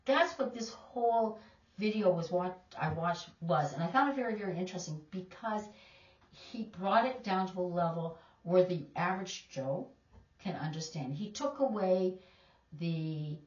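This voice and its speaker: A woman's voice: on the low side, expressive, measured pace, a little mellow. A woman teacher, giving emphatic, opinionated casual commentary. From Canada. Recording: distant, echoey, dull lo-fi.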